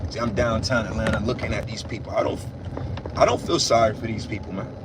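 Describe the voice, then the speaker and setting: A man giving a casual, preachy religious monologue, blunt and profane, with loud emphatic bursts. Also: lowish voice, steady tone, quick pace, background noise. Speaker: religious commentator.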